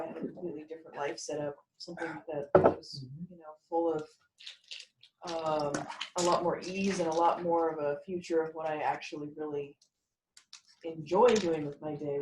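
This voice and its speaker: A woman's voice: low-pitched, fairly even intonation, brisk, roomy sound, noisy background. A woman sharing heartfelt, rambling thoughts with a group in a casual call. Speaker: participant in a community dinner call.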